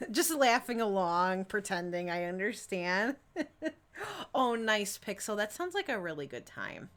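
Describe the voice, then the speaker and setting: A woman's voice: medium pitch, big pitch swings, measured pace, a bit bright. A young adult woman streaming a game, chatting casually with her viewers, giggling often and reading their messages aloud. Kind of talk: casual live-stream chat while gaming.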